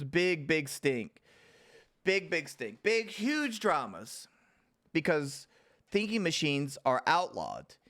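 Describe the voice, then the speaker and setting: A man's voice: a little high, fairly bright tone, clear, resonant tone. A man recapping a TV episode in a rambling, casual livestream, with many fillers and restarts. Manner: laughs and swears casually. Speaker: TV show reviewer.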